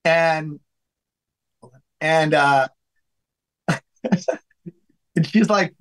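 A man with a slightly high voice tells a long personal story from his home studio. He acts out what other people said with lively energy. He keeps restarting his sentences and repeating words. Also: drawn-out words, rough recording. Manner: animated storyteller who acts out quoted dialogue. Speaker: guest, singer and songwriter. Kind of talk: storytelling interview.

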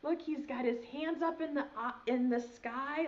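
A young woman preschool teacher reading a picture book aloud, gently stopping to ask the children questions. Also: high voice, moderate pace, few pauses, muffled recording. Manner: gentle, asks children questions as she reads. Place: home video lesson.

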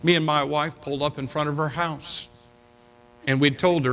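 A man pastor telling a story in a sermon, swinging from loud to hushed. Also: fairly high pitch, fairly even intonation, normal speed. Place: church sanctuary.

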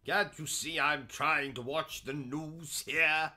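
A man's voice: fairly high pitch, fairly even intonation, takes it slowly, sharp tone, faint music behind. A man with a British accent hosting a comedy gaming livestream in character, pompous and lewd in a mock-aristocratic way. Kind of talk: comic character monologue.

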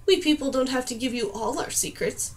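A brisk, smug talking pony mare scolds and reassures in a firm voice, as a woman voices her in a storybook reading. The tone is bright and high-pitched. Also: natural voice.

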